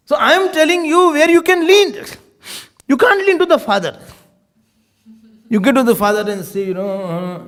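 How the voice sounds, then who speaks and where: A man giving a spiritual talk as a swami, teaching in an animated way and often breaking into laughter. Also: extremely high pitch, measured pace, pauses often. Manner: animated teaching, often laughing, mixing in Hindi and Sanskrit terms. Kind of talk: sermon.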